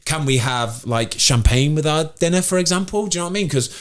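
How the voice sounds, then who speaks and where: A man's voice: a little high, animated, quick pace. A man hosting a casual podcast chat from an office, chatty and enthusiastic. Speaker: podcast host.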